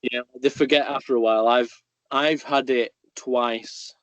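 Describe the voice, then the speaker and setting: A man's voice: medium pitch, steady tone, a little slow, no room sound, dull audio. A man co-hosting a podcast, giving blunt opinions in casual chat and swearing freely. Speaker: podcast co-host.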